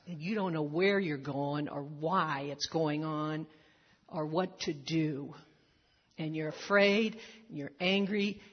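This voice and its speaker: A woman's voice: deep voice, breathy edge. An older woman giving an earnest church testimony, reading scripture verses aloud and applying them personally. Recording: dull recording in a reverberant hall.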